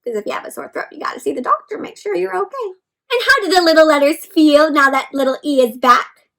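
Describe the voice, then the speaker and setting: A woman reading a picture book aloud to children, animated and teacherly, gasping often and sounding out words. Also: high voice, fast. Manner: animated, with frequent gasps. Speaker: children's storyteller. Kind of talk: interactive read-aloud for kids.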